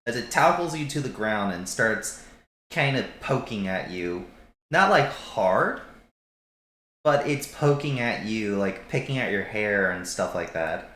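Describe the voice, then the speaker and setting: A man with a low voice runs a tabletop game as game master. He explains the rules in an easygoing way, full of small fillers. His voice rings a little in an echoey room. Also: animated, measured pace, fairly bright tone.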